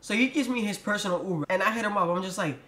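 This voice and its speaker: A man's voice: high voice, rapid-fire, sharp tone. A young man telling a storytime vlog in a profane, exasperated rant. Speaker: vlogger. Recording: roomy echo.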